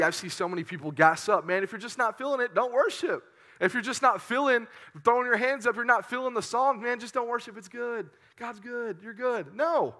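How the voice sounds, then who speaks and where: A young man preaches with lively, joking energy to a youth group. His voice sits high for a man and rings bright and forward. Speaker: youth pastor. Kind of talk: sermon.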